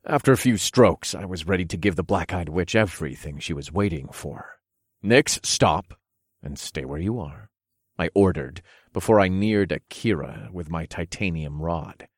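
A man narrating an adult story in the first person, in a low, steady and commanding way. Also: normal speed, slightly rough, no echo, clean studio sound.

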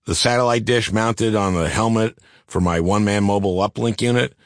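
An older man reading his own memoir aloud in a dry, deadpan comic manner. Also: lowish voice, fairly quick, dry recording. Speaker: author narrating his memoir. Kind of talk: scripted memoir narration.

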